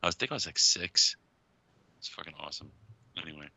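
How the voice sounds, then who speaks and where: A man co-hosting a casual podcast, talking excitably, swearing and laughing a lot. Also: very deep voice, quick pace, vocal fry, husky, no room sound. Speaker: podcast co-host. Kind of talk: casual chat.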